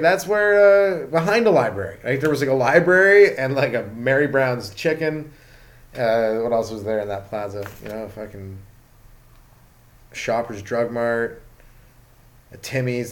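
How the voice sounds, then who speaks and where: In a mid-range voice, a young stand-up comedian from Canada goes on a rambling, casual comedic rant. He swears a lot and fills it with "like."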